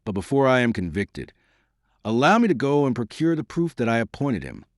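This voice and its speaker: A man voicing a vain, excitable duke who protests in a flustered way in an audiobook reading. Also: mid-range voice, fairly quick, dry recording, clean studio sound, pitched above the performer's own voice, close to an everyday voice. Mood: protesting.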